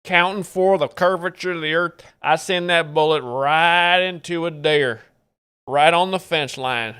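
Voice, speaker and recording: A man's voice: on the high side, unhurried, bright, forceful tone, clear, resonant tone. A man putting on a bragging rich Texan. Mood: boastful. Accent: Texan, put on. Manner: swaggering drawl, bragging. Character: boastful rich Texan man, gun-loving ranch owner.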